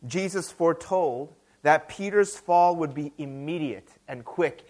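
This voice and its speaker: Pastor, male, high voice, chatty sermon delivery, frequent "right?" asides. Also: measured pace, few pauses, a little mellow. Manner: conversational preaching with tag questions; repeats and restarts words.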